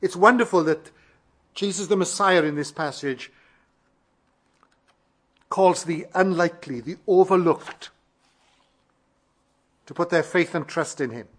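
A man preaching a sermon, emphatic and fervent, building repeated phrases in a measured cadence. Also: fairly high pitch. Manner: fervent, emphatic, swells louder on key phrases.

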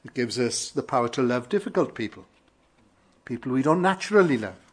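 A man from Wales with a Welsh accent, preaching an earnest sermon with emphatic rises and quiet falls. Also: mid-range voice, big pitch swings, fairly quick, breathy edge. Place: church in London.

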